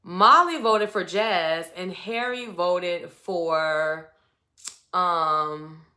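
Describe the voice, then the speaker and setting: A woman's voice: fairly low pitch, very slow. Sassy woman recapping reality TV. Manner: animated, sassy, acts out quotes with attitude. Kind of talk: casual recap commentary.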